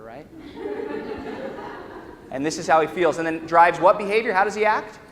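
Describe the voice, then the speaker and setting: Trainer in an echoing hall. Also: male voice, high-pitched, lively intonation, measured pace, crowd noise. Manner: checks in often with the listeners. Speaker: workshop trainer. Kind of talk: storytelling lecture to a live audience. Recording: echoey hall with faint ambience.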